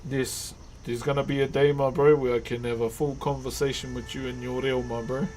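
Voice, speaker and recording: A man's voice: medium pitch, flat delivery, brisk, darkish tone, a little hiss or hum. A man with a New Zealand accent chatting casually with viewers on a live stream, easygoing and calling everyone bro. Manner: laid-back, calls viewers brother and bro.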